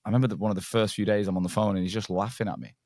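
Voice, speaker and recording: A man's voice: lowish voice, steady tone, rapid-fire, mellow, no echo, clean studio sound. A man from England hosting a podcast, chatting casually and telling stories full of banter and swearing. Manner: swears freely, banter-heavy storytelling. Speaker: podcast host. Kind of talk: casual interview chat.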